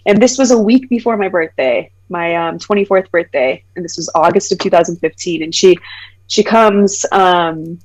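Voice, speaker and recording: A woman in her thirties, a guest on a podcast, tells a personal story. She is animated and leans on "like" as a filler. When she quotes people she acts out their voices, jumping higher in pitch. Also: moderate pace, rough recording. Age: 30s.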